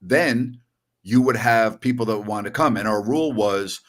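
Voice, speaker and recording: A man's voice: lowish voice, normal speed. Guy in his sixties from new york, casual chat, rambly storyteller, laughs along. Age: 60s. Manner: rambling storyteller, chuckles often. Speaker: podcast host.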